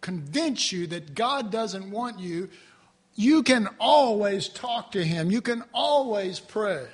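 A man teaching the Bible in an earnest, animated, conversational way, often clearing his throat. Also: high voice, slow. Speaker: preacher.

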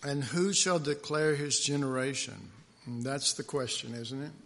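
A man preaching a conversational sermon, pausing often with fillers and restarts as he reads scripture aloud and stresses words. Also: medium pitch, vocal fry, a bit bright. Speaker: pastor.

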